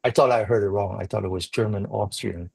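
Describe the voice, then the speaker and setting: A man, a Buddhist monk giving a dharma talk, telling a story in a halting way with frequent restarts. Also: lowish voice, vocal fry, a little mellow, breathy edge, no room sound. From Vietnam. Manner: hesitant, many restarts, conversational storytelling.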